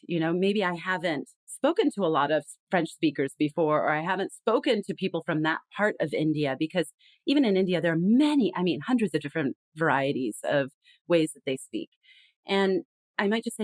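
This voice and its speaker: On a podcast, a woman who consults on communication talks fast and animatedly in a fairly low pitch, earnestly explaining and acting out example phrases during a conversational interview. The audio has no echo.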